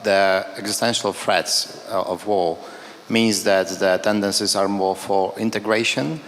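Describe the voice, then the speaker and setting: A man's voice: on the low side, fairly even intonation, a little slow, fairly bright tone. A man from Poland who asks a panel a question, searching for his words and listing points one after another, in a conference hall. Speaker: audience member asking a question. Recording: echoey hall with faint background noise.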